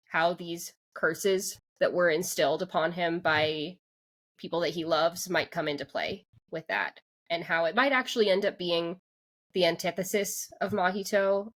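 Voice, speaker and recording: As a podcast co-host discussing an anime episode, this woman rambles casually, often restarting and leaning on "like" as a filler. She speaks unhurriedly in a lowish, slightly bright voice.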